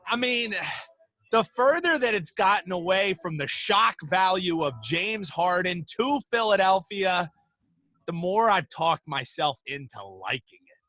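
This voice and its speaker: A man co-hosting a sports betting podcast, chatting loudly and excitably and swearing. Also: high-pitched, a little slow, dry recording. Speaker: podcast co-host. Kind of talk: casual sports podcast chat.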